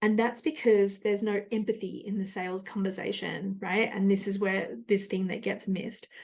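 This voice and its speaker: A woman's voice: medium pitch, little pitch movement, normal speed, vocal fry, darkish tone. A woman hosting a podcast, talking candidly and chattily in a casual solo monologue, with plenty of fillers and asides. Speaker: podcast host.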